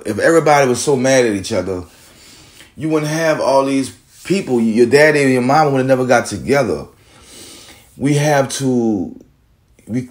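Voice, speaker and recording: A man's voice: medium pitch, a little mellow. A man vlogging while walking down a street, giving a blunt, profane, rambling monologue.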